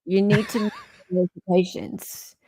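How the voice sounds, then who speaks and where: An Australian woman hosting a casual commentary show, chatty and animated, with the odd swear word thrown in. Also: mid-range voice, moderate pace, slightly rough, dry recording, clean studio sound. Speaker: host.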